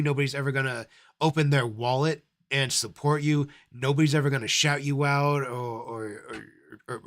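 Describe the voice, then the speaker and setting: A man's voice: medium pitch, a bit bright. A man hosting a live stream, ranting bluntly and with profanity, then reading out thanks to supporters. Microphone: desk microphone.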